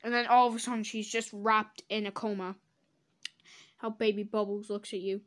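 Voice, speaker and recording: A woman doing comedic reaction commentary, sarcastic and swearing, breaking into loud silly voices. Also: mid-range voice, level tone, moderate pace. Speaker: commentator reacting to fan drawings.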